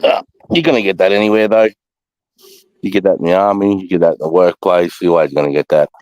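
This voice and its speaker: A man's voice: low voice, fast, a little mellow, clear, resonant tone, no room sound, lo-fi sound. An Australian man hosting a livestream, rambling through a casual chat with plenty of swearing. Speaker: livestream host.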